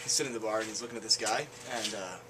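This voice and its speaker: A man's voice: fairly low pitch, steady tone, racing. A young man telling bar jokes casually among friends at home, rambling and hesitant with fillers. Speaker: joke teller. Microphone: handheld camcorder. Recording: faint background noise, home camcorder.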